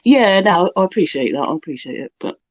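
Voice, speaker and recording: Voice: mid-range voice, animated, a little fast, no room sound. A speaker, talking in slangy, rambling, sardonic casual chat. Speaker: live audio room speaker.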